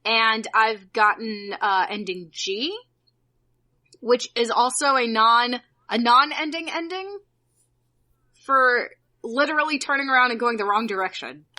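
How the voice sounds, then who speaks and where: Bright, excitable woman chatting. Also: a little high, measured pace. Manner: excitable, gushing, lots of fillers. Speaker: podcast co-host. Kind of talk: casual chat.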